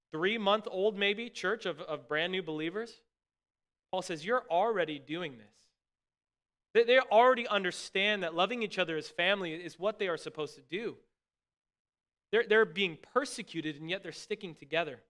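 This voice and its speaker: A middle-aged male pastor delivers a sermon with earnest emphasis, rising to stress key points and sinking to soft, quiet asides. His voice sits a little high and sounds bright and forward. He often restarts words as he goes.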